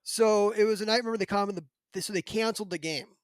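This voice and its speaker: A man in his thirties hosting a podcast, telling a casual story in a rambling, filler-heavy, animated way. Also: high voice, racing, dry recording. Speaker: podcast host.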